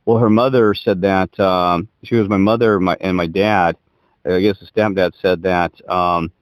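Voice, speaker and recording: A man's voice: low voice, steady tone, normal speed, no room sound. A man co-hosting a podcast, telling a long story in a rambling, self-interrupting, emphatic way. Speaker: podcast co-host. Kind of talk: casual chat, rambling storytelling. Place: Colorado.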